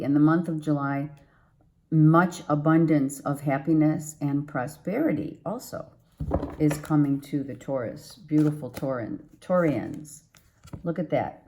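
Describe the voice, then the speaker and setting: A woman's voice: deep voice, unhurried, warm tone. A woman giving a casual, rambling tarot reading to her viewers. She repeats herself and keeps an upbeat, encouraging tone. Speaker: tarot reader.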